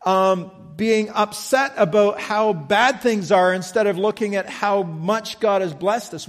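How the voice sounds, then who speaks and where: A man preaching a sermon, slow and emphatic, often checking in with the listeners. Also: high voice, long reverb tail. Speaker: pastor.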